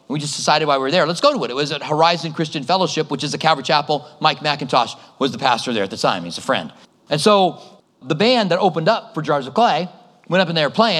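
A man's voice: a little high, a bit bright. A middle-aged male pastor preaching a sermon, telling stories and acting out the voices of others. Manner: conversational storytelling with acted-out voices. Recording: long reverb of a large hall.

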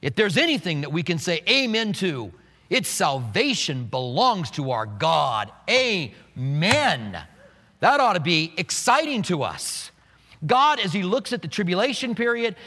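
A man preaching a sermon in an animated way, acting out the scenes he describes. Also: high voice, moderate pace, long reverb tail. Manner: animated, acts out scenes with quoted voices. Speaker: pastor.

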